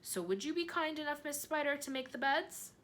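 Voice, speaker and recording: A woman voicing an elderly male grasshopper, slow and scornful in a dignified way, for a storybook. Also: sits high, animated, a bit bright, pitched above the performer's own voice.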